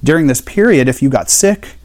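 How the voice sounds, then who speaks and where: A man's voice: medium pitch, lively intonation, fairly quick, a little mellow. A man teaching a Bible study in a conversational way, explaining and asking rhetorical questions.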